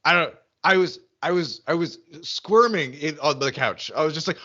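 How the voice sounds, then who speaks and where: A man co-hosting a podcast in casual chat, animated and often mimicking characters in high excited voices. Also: normal speed, few pauses, dull audio. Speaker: podcast co-host.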